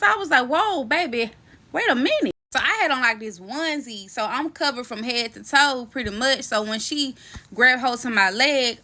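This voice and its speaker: A young woman telling a personal story to her viewers in a casual, animated, slangy way, cursing freely and calling the audience "y'all.". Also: fairly high pitch. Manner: swears freely and laughs while telling the story.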